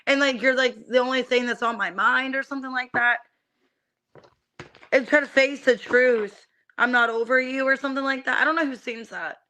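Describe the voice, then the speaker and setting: Bright chatty young woman reading tarot. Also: high-pitched, steady tone, moderate pace. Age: young adult. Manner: chatty, many fillers, greets viewers by name. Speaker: tarot reader streaming live. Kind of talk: casual live-stream chat.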